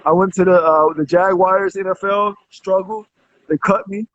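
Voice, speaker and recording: A man's voice: high voice, steady tone, normal speed, a bit bright. A man in his thirties, a guest telling his story in a casual interview, rambling with many restarts. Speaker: guest, health coach. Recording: dull, dry lo-fi recording.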